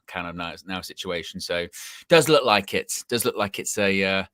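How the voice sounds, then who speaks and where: Young dude chatting football, lowish voice, dry sound, keeps restarting his sentences. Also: expressive, moderate pace, a bit bright, no echo. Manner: chatty storyteller, repeats and restarts. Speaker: co-host. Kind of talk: casual football chat.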